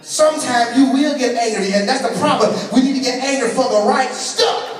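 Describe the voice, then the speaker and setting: A male pastor preaching a sermon, swinging from quiet asides to shouted call-outs. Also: extremely high pitch, normal speed. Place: large church sanctuary with congregation. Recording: echoey church hall from far off.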